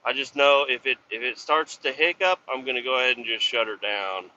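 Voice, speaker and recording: Profane ranting trucker man, bright voice. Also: mid-range voice, brisk, highs cut off, slight background noise. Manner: profane, ranting at other drivers. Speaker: truck driver. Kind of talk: casual driving vlog. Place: inside a truck cab on the highway.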